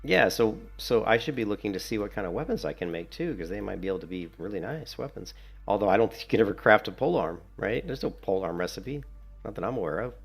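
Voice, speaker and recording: A man's voice: lowish voice, animated, fast, creaky, breathy edge, soft background music. A man giving casual, sarcastic gameplay commentary while he plays. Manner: chatty, sarcastic, mocking. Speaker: gaming video creator.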